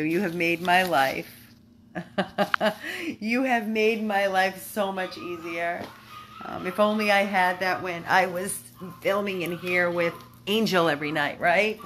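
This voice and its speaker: Woman, low-pitched, rescue-house vlog, chatty, talks to dogs, noisy background. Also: lively intonation, a little slow. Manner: chatty, talks to viewers and dogs, repeats words. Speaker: dog rescue host. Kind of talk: casual live video chat. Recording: noisy home recording.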